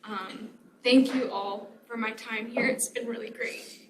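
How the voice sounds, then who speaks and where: A woman's voice: on the high side, steady tone, measured pace. A young woman giving short, hesitant thanks to her student government peers. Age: young adult. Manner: warm, hesitant with fillers. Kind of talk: farewell remarks. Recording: noisy room recording.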